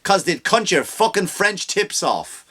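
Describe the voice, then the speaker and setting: A man's voice: high-pitched, big pitch swings, measured pace, bright, forceful tone, breathy edge. An Irish man hosting a comedy podcast, delivering a heated, profane rant. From Ireland.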